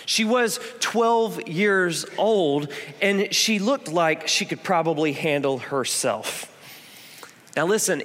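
The pastor, a man in his thirties, uses a fairly high-pitched, slightly bright voice for his sermon in the church auditorium. He tells stories as if in conversation and leans on repetition for emphasis, while the hall adds a long reverb.

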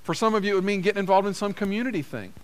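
A man's voice: high voice, very fast. A man preaching a sermon as a pastor, in a conversational way, repeating phrases for emphasis. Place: church.

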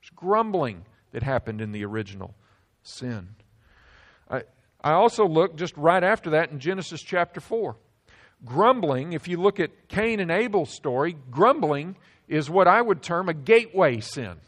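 A man preaching a sermon as a pastor, emphatic, slowing down and dropping his voice low on key words. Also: very animated, fairly bright tone.

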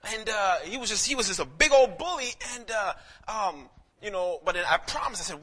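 A young man preaching a sermon in a lively storytelling way, with casual slang and many quick restarts. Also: high voice. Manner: animated storytelling, slips into quoted voices, frequent restarts.

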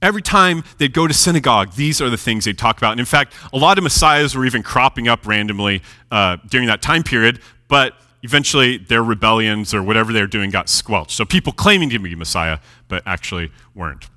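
Male preacher, casual storytelling sermon, lively swooping delivery, bright tone. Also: medium pitch, brisk. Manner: chatty, animated, laughs at own jokes.

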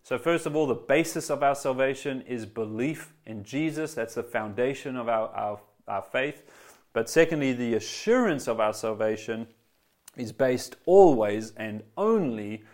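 A man's voice: mid-range voice, lively intonation, measured pace, darkish tone. A man preaching a sermon, earnest and emphatic, repeating key phrases and speaking directly to his congregation. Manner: eager, addresses congregation directly.

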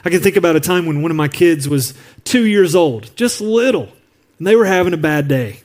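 A man's voice: a little high, lively intonation, fairly quick, a little mellow. A man preaching a sermon as a pastor, telling a personal story in an earnest, confiding way. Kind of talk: sermon on parenting. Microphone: recorded apart from the congregation.

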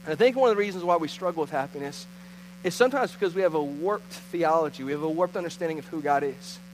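Man, pastor, conversational sermon, fairly high voice, faint background hum. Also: quick pace, rough recording. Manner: conversational, storytelling, self-correcting restarts.

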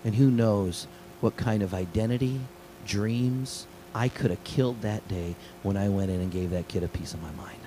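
A middle-aged man preaching a sermon, telling a story with lively swings between hushed asides and excited high points. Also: normal speed, background noise. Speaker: pastor.

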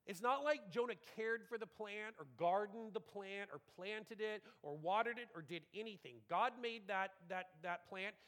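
A man preaching in an animated, conversational manner, with a fairly high voice. He acts out the quotes within his sermon, and the long reverb of a church hall trails behind every phrase. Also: moderate pace, few pauses.

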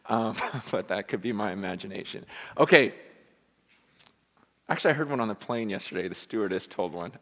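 A male pastor preaching a sermon in a church, self-deprecating and animated, often repeating words as he goes. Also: lowish voice, a little fast, gravelly, pauses often. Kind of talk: sermon with a joke. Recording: long church reverb.

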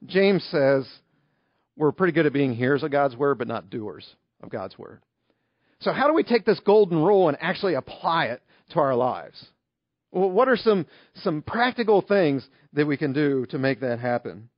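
A man preaching a sermon in a relaxed, conversational way, telling everyday stories to make his points. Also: a little high, normal speed, no room sound, dull audio. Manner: conversational, illustrative storytelling. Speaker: pastor.

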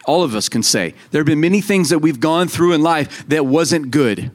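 A male pastor in his thirties preaches to his congregation. His voice sits slightly above the usual male pitch, and he keeps a relaxed, chatty delivery. He slips into quoted voices as he tells his stories. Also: normal speed. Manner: conversational, animated storytelling with quoted voices. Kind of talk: sermon.

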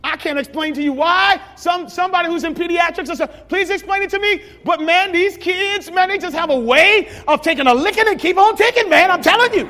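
A man preaching a sermon, telling stories with big shouts and sound effects. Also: very high voice, fairly quick, few pauses, in a large hall. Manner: animated storytelling, shouting at peaks, sound effects. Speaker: pastor.

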